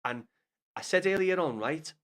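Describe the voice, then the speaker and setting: A man's voice: on the high side, lively intonation, moderate pace, a bit bright. A man with a Scouse accent, chatting casually to his chat while he streams a game, swearing freely. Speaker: gaming streamer.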